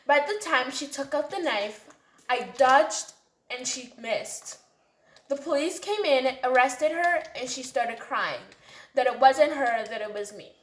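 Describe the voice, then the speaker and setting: High-voiced woman telling a story. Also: animated, a little slow. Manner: chatty, casual. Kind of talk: storytime narration. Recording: roomy echo.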